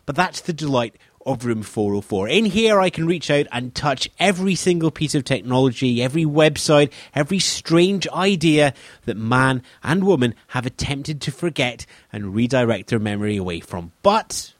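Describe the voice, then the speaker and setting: A man's voice: mid-range voice, lively intonation, moderate pace, dry recording, studio quality. A man hosting a podcast, moving between a dramatic, playful scripted intro and casual chat. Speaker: podcast host.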